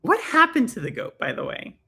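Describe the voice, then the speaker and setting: A woman's voice: sits high, wildly swooping pitch, brisk, gravelly, pushed and bright, breathy edge. A young woman hosting a live stream, chatting casually with viewers, laughing often and filling her talk with fillers. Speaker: stream host reading chat.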